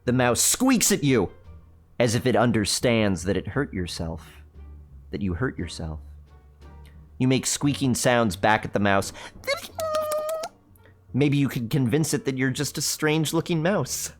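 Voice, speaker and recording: A man's voice: mid-range voice, lively intonation, unhurried, pauses often. A man hosting a livestream, reading a spooky choose-your-own-adventure book aloud in a theatrical, playful way with joking asides. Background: faint background music.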